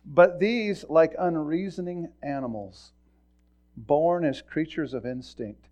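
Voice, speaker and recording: A man's voice: fairly high pitch, takes it slowly, darkish tone, lo-fi sound. A middle-aged man, a pastor, giving a folksy sermon full of stories, often repeating words and chuckling as he tells them. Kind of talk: sermon with storytelling.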